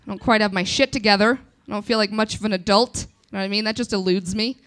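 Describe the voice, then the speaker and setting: A woman in her twenties doing a live stand-up set, self-deprecating and crude, with quick asides to the crowd. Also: medium pitch, fairly even intonation, fairly bright tone. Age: 20s. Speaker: stand-up comedian.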